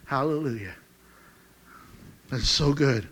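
A male pastor preaching a sermon, swinging between loud exhortation and hushed, tender passages. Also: medium pitch, lively intonation, takes it slowly.

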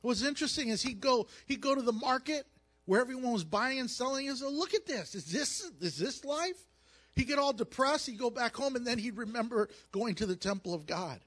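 A man preaching as a pastor, mixing scripture with jokes and animated storytelling. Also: very high voice, fast. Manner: animated, jokey storytelling with acted asides. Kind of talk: sermon with humor.

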